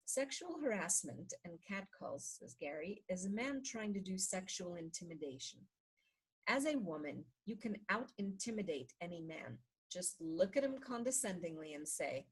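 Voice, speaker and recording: A woman reading a book aloud in a measured way, slowing down on repeated chant-like refrains. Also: lowish voice, very animated, husky, rough recording. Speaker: reader of a book.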